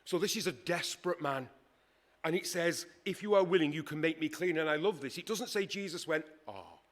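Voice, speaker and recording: A man preaching a sermon in a conversational, emphatic way, with dramatic pauses. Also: on the high side.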